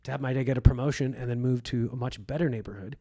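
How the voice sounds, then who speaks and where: Speaking quickly in a mid-range, dark-toned voice, this Egyptian comedian guest tells lively tales from his boyhood during a conversation. He acts out the characters' quoted lines, and there's no echo on the recording.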